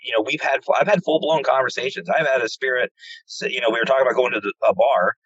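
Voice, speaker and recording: This fast-talking man from central Pennsylvania has a medium, slightly rough voice and works as a paranormal investigator, telling stories in a laid-back interview. He's a lively storyteller who dramatizes quoted dialogue and repeats words. The recording is dull, lo-fi and dry, with no echo.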